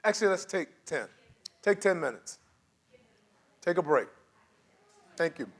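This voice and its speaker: A man teaching a church class on conflict in a casual, animated way, acting out bits of dialogue and laughing often. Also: fairly high pitch, measured pace. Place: church room.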